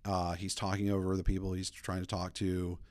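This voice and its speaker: A man in his thirties hosting a podcast, telling stories in a rambling, animated way. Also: deep voice, brisk, no room sound, studio quality. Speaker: podcast host. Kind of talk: casual opinion talk.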